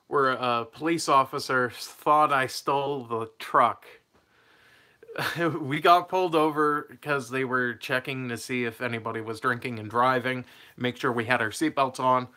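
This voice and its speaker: A man's voice: medium pitch, sharp tone. A young man telling a personal story in a casual, rambling way, laughing mid-sentence and losing his train of thought.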